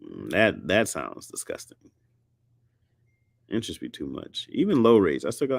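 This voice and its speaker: Animated joking American man, low voice. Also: normal speed, gravelly, no room sound, clean studio sound. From United States. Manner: animated, joking, jumps into high squeaky pitch for emphasis. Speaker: streamer host. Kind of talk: casual chat.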